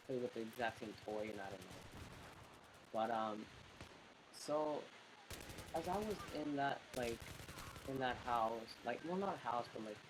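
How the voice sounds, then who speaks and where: A man's voice: medium pitch, noisy background. Rambling young man over gunfire. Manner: rambling, full of "like" fillers. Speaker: gaming commentator. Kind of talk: casual storytelling over gameplay. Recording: loud game gunfire behind voice. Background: game gunfire.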